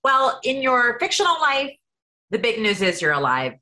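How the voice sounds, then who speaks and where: A woman's voice: on the high side, sing-song, normal speed, bright, forceful tone. A woman hosting a podcast, asking upbeat, direct interview questions. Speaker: podcast host.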